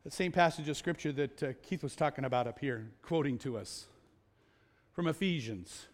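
A man preaches a sermon as a pastor in a conversational style, using rhetorical questions and slowing down to stress key words. His voice sits in the mid range.

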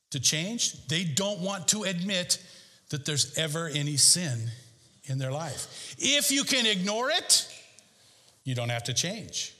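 Pastor guy giving a sermon, punchy ups and downs, big echoey church sound. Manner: emphatic preaching with sharp rises and drops in pitch. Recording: long hall reverb.

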